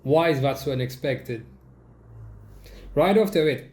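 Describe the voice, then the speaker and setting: Animated Mauritian man in an echoey room. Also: mid-range voice, a little slow. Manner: animated, sarcastic, swears freely. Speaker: vlogger. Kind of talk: casual comedic commentary.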